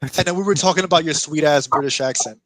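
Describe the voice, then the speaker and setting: Man, casual co-host, a bit higher pitched, animated and laugh-prone. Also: quick pace, low-quality recording. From New York. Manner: animated, laughs often, restarts sentences. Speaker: podcast co-host. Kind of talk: casual gaming chat.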